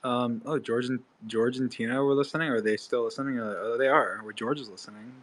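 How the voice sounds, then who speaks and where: A young man on a livestream tells a rambling, profane story packed with fillers and restarts in casual chat. His medium-pitched voice stays steady and moves a little fast.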